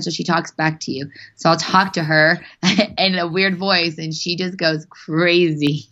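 A young woman talks as a podcast guest, chatty and quick to laugh, dropping the odd swear word. Her voice sits a little low. The recording sounds dull and lo-fi. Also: fairly even intonation, sharp tone. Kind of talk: casual chat.

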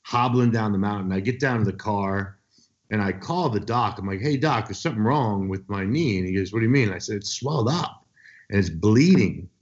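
A man's voice: fairly low pitch, lively intonation, moderate pace. A man co-hosting a casual chat, telling rambling stories and swearing freely. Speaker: podcast co-host. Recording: dull lo-fi sound.

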